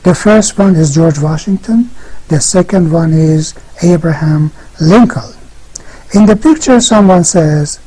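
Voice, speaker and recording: An English teacher explaining a textbook lesson slowly and deliberately, reading out example dialogues. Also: mid-range voice, dark tone, slightly rough, low-quality recording.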